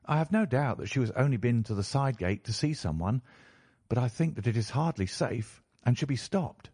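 A man's voice: medium pitch, lively intonation, normal speed, a little mellow, slightly rough, no room sound, clean studio sound. A man voicing a worried young woman of the household, speaking earnestly and with concern in a dramatized reading.

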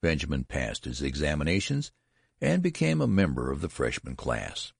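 A man narrating a classic story in a measured, steady way. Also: extremely low pitch, vocal fry, slightly rough, dry recording, studio quality.

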